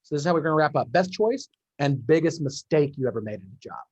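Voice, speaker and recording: A man's voice: a little high, animated, quick pace, darkish tone, husky, no room sound, dull audio. A male podcast host on a video call, rambling, restarting his sentences and laughing along with his guest. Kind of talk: casual interview over a video call.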